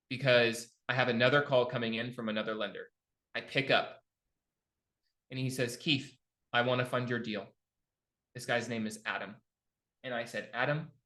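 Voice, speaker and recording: A middle-aged real estate investing coach leads a live class by video call, playing both parties in the phone conversations he recounts. His voice is medium in pitch with a sharp tone.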